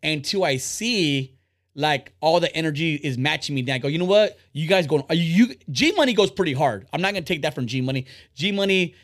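A podcast host talking in a quick, rambling flow, blunt and freely profane. His voice sits a bit high for a man. The sound is dry and close, with no room echo. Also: expressive, fairly bright tone. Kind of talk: casual podcast chat.

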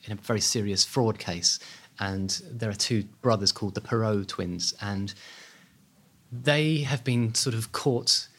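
A man, an author guest, telling a historical story in an animated way with many fillers. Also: on the low side, slightly rough. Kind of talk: podcast interview.

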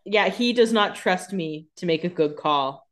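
A woman co-host in a casual podcast chat, adding wry, sarcastic asides. Her voice sits slightly low for a woman. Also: a little slow.

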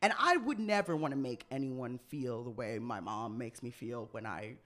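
A woman co-hosting a podcast in casual chat, telling stories in an animated way and laughing often. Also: a bass voice, moderate pace. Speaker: podcast co-host.

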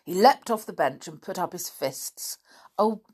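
A woman's voice: on the low side, expressive, moderate pace, a little mellow, breathy edge. A woman reading a children's novel aloud, correcting her own slips as she goes. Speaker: storybook reader.

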